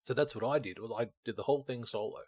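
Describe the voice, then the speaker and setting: A man's voice: mid-range voice, fast talker, darkish tone, husky, no echo. Rambling man on a dry close mic. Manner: rambling storyteller, acts out his own thoughts. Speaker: podcast co-host. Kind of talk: casual chat.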